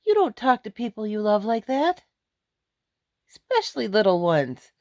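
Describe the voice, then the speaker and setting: A woman's voice: medium pitch, expressive, unhurried, a little mellow, no echo, clean studio sound. A middle-aged woman venting angrily in a vlog, blunt and emphatic. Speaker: vlogger. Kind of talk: angry ranting vlog.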